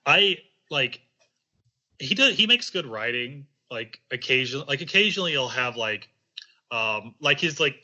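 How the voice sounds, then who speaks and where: A man's voice: medium pitch, pushed and bright, muffled recording. A man in casual political chat on a podcast, rambling with many fillers and swearing. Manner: rambling, heavy on filler "like", profane.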